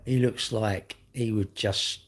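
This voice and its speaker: A man's voice: lowish voice, steady tone, slow. A middle-aged English man chatting casually on his own livestream, rambling and full of tag questions. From England. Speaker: livestream host.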